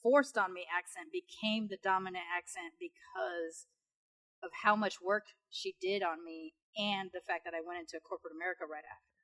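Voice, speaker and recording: Podcast co-host, woman, 30s, Long Beach accent, animated casual storyteller. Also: fairly low pitch, normal speed. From Long Beach, California. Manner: animated storyteller, many "like" fillers. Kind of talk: casual chat.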